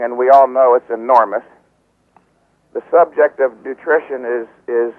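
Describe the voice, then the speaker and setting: A man who trains bodybuilders, a guest on a radio interview, lecturing emphatically and repeating his key points. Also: medium pitch. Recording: tinny phone line.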